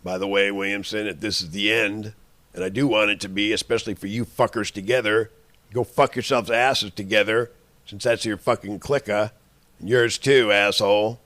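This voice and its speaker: A man's voice: fairly low pitch, steady tone, moderate pace, a bit bright, no echo. Angry, cursing man ranting. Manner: angry, profane, rambling and threatening. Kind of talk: rambling monologue addressed to others.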